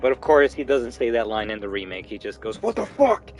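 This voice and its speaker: A young man streaming a game, telling a story in an animated, profane way. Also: lowish voice, brisk, a little hiss or hum, low-quality recording. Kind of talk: casual gaming commentary.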